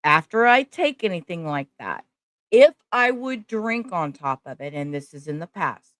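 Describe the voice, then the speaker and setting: A woman's voice: lowish voice, big pitch swings, moderate pace, a bit bright, no echo, studio quality. A woman giving casual live commentary over courtroom testimony, chatty and full of asides. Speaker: livestream trial commentator.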